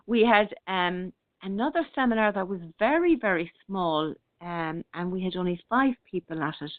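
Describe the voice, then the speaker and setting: A woman hosting a spiritual talk radio show. She speaks gently and unhurriedly, reading out listener comments with many fillers and restarts. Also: mid-range voice, animated, normal speed, no echo. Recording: tinny phone-line internet radio.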